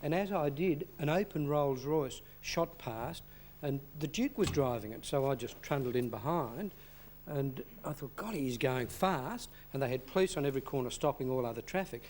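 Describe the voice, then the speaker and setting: An Australian man appearing as a guest on a talk show, telling relaxed stories. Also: medium pitch, normal speed, a little hiss or hum. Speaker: chef and guest.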